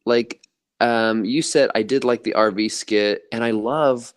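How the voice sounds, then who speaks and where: A man's voice: mid-range voice, fairly even intonation, a little slow. A young man co-hosting a fan podcast, chatting casually and rambling with lots of fillers. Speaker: podcast co-host. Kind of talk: casual chat.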